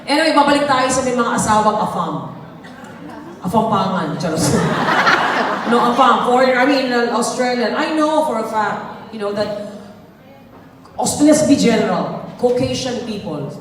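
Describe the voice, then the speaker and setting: A woman's voice: on the high side, animated, moderate pace, pauses often. A woman with a Filipino accent doing bawdy live stand-up comedy, teasing the audience while performing ill. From Philippines. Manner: brash, teasing, bawdy banter with the crowd. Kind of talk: live stand-up comedy, mixing Tagalog and English. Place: large concert hall with a live audience. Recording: echoey hall recorded from far off, crowd noise. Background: audience laughter and hall ambience.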